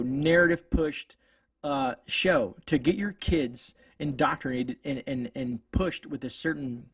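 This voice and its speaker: Gravelly, husky man ranting. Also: on the high side, no room sound, far from the mic. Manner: indignant, rambling, many restarts. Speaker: homestead channel host. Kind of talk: ranting political commentary.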